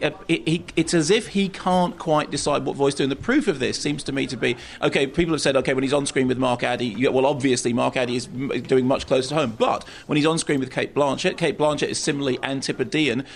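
Film critic guy on the radio, slightly high voice, emphatic, stumbles over the starts of points. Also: creaky. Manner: animated, emphatic, repeats words when starting. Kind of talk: radio film review discussion.

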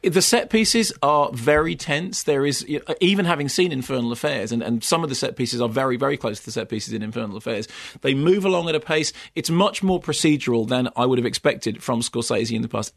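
Wry, gravelly man reviewing films. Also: medium pitch, no echo. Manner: fluent, wry, opinionated. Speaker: film critic. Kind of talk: radio film review chat.

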